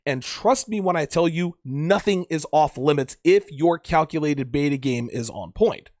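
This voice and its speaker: A man's voice: a little high, normal speed, darkish tone, no echo, studio quality. A man hosting a dating advice podcast, talking in a blunt, profane, emphatic way and often repeating himself. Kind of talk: crude casual monologue.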